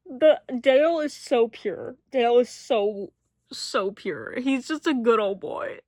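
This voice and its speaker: In a dry, studio-quality recording, a young book vlogger from Appalachia talks casually and enthusiastically about her reading, often self-deprecating. She has a slightly high, expressive, somewhat mellow voice and a slow pace.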